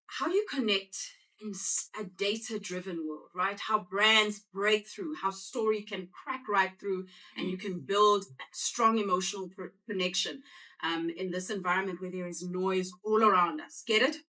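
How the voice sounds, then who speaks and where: Bright-voiced South African woman presenting. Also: medium pitch, moderate pace, recorded from a distance. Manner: chatty, uses call-and-response with the audience. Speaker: guest speaker. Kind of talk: conversational presentation. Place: presentation room with a live audience.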